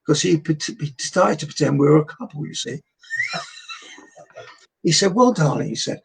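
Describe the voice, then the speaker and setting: A man's voice: on the high side, normal speed, gravelly, pauses often, a little hiss or hum, poor audio. An older English man, a veteran entertainer, telling showbiz anecdotes in a chatty interview and acting out the voices of people he quotes. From England. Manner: animated storyteller, acts out quoted voices. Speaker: guest entertainer. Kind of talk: anecdotal chat.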